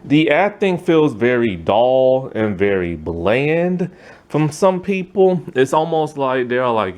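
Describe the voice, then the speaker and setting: Lively rambling male movie reviewer. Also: mid-range voice, slow. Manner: rambling, fillers like "you know what I'm saying". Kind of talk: casual spoken review.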